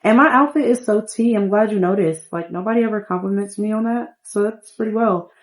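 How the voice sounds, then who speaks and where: Gushing, sweet young game character, played by a woman, pitched up. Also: fairly quick, close to an everyday voice, low-quality recording. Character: flattered, chatty young woman Sim.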